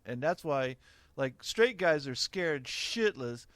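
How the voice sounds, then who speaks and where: A man's voice: on the high side, animated, takes it slowly, fairly bright tone, dry recording. A middle-aged man hosting a podcast, talking frankly and opinionatedly in casual chat, laughing often. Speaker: podcast host.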